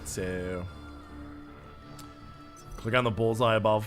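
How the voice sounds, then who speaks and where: A man's voice: lowish voice, moderate pace, long pauses, faint music behind. An Australian man streaming a game, chatting casually with his viewers in a jokey, self-mocking way and swearing freely. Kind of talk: live gameplay commentary, reading chat.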